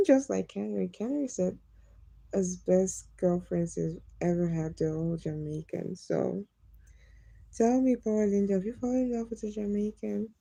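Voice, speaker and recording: Woman streamer, teasing and chatty; gravelly, dark voice, dry close sound. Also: medium pitch, moderate pace, no room sound, rough recording. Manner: teasing, chatty, laughs often, greets viewers by name. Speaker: live streamer. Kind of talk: casual live-stream chat reading comments.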